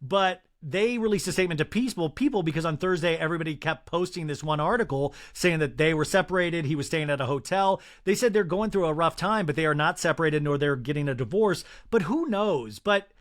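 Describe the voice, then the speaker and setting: A man's voice: fairly high pitch, brisk, hardly any pauses, fairly bright tone. A young man hosting a podcast, gossiping about reality TV in casual chat, often slipping into mock impressions. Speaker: podcast host.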